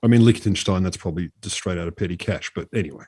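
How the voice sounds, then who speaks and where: Low, mellow man telling a story. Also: quick pace, husky, no room sound, studio quality. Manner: chatty, swears freely, drops into mock voices. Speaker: podcast co-host. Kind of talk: casual chat, storytelling.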